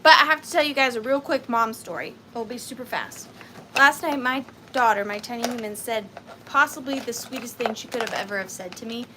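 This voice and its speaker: A woman in her thirties with a Southern US accent, hosting a live vintage sale in a chatty, upbeat way with high squeals. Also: fairly quick, bright, forceful tone, a little hiss or hum, rough recording. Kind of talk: casual live-stream selling chat.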